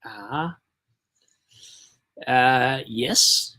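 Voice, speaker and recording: A young Australian man talks on a livestream, loose and rambling, his voice sitting at an ordinary middle pitch. He reads viewer messages aloud and answers them as he goes. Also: animated, moderate pace, a bit bright. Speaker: livestream host. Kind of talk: casual livestream chat.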